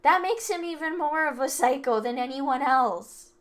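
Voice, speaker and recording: A woman's voice: high-pitched, moderate pace. A woman streaming a game, chatting bluntly and swearing as she reacts. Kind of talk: casual let's-play commentary.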